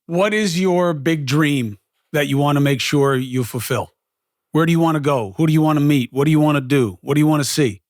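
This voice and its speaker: Male interview host, fairly high voice, chatty storyteller, dry sound. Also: brisk, a little mellow, dry recording. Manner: chatty storytelling, conversational fillers. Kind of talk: casual interview talk.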